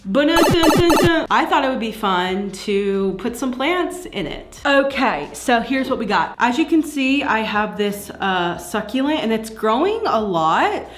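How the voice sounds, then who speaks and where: Young woman vlogger, bright higher voice, chatty and giggly, casual swearing, close to camera at home. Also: very animated, measured pace, few pauses, slight background noise. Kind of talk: casual vlog chat to camera. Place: at home, indoors.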